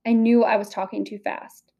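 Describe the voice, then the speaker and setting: A woman reading a first-person storybook aloud in a slow, careful way. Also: a little high, flat delivery, creaky, lo-fi sound. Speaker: audiobook reader.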